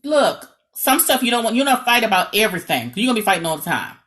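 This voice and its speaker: A woman from New York with a New York accent, talking as a marriage coach in a lively, dramatic, sarcastic way and often checking in with "okay?". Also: fairly high pitch, quick pace. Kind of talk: direct-to-camera advice talk.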